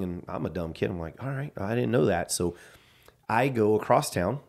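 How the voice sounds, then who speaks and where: A man's voice: on the low side, expressive, normal speed, vocal fry, a little mellow. A man telling a personal story in casual chat, acting out the dialogue he quotes.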